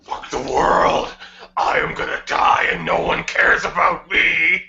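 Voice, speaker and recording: A gravelly, bitter Sonic. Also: male voice, fairly high pitch, steady tone, takes it slowly, bright, forceful tone, heavily acted. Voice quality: gritted-teeth throat scream, gravelly. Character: angsty screaming teen hedgehog, male, bitter. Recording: echoey, dull lo-fi, noisy.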